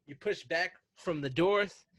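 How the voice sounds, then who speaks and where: A man co-hosting a casual podcast, telling excitable, rambling stories with frequent restarts. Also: a little high, unhurried, husky, dry recording. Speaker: podcast co-host.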